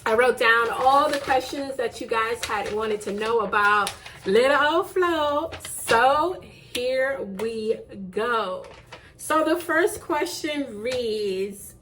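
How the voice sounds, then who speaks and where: A woman's voice: on the high side, animated, slow pace, fairly bright tone, slight background noise. A woman hosting her own channel, chatting to camera in a casual vlog, gushing and effusive with thanks and often repeating herself. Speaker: YouTube channel host.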